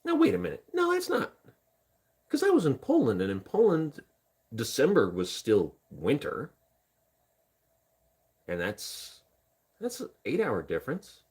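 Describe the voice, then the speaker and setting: A man's voice: on the high side, huge pitch swings, a little slow, pauses often, darkish tone, slightly rough. A young man from Indiana chatting casually on a live stream, rambling and joking at himself while talking to chat and his dog. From Indiana, USA. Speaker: livestreamer.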